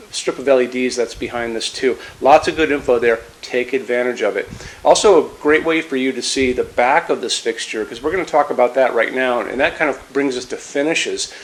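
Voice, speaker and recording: A man of middle pitch talks through a product demo in a relaxed, chatty way. He speaks to the viewer directly and often restarts his sentences as he goes. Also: low-quality recording. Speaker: lighting salesman presenting a product. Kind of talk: casual product walkthrough.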